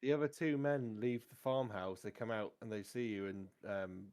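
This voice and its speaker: A man, narrating a tabletop game as game master in a relaxed, chatty way. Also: on the low side, moderate pace.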